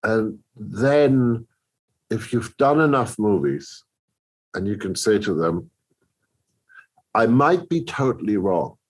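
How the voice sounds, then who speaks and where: Husky, animated composer talking shop. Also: male voice, fairly low pitch, takes it slowly, long pauses. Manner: animated storyteller, many restarts, acts out others' reactions. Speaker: film composer, guest. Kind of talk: conversational podcast interview.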